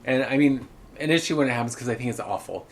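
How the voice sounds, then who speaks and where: A man's voice: medium pitch, fast, slight background noise. Candid, profane man telling stories. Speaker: podcast co-host. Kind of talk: casual chat.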